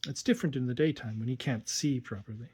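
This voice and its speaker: A husky-voiced man reading an audiobook, voicing a calm, secretive governess who speaks in hushed tones. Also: mid-range voice, fast. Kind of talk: audiobook narration.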